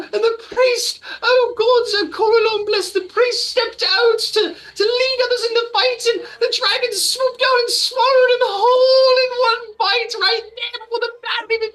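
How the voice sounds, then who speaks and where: A man voicing a distraught elf village woman who sobs out her story in a high wailing voice. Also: a bit bright, poor audio. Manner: sobbing, high wailing pleas.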